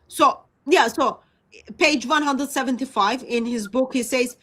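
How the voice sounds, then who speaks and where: High-voiced woman, halting livestream talk. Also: bright, forceful tone, husky, rough recording. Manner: hesitant, many fillers and restarts. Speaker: Christian apologist presenter. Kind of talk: casual livestream explanation.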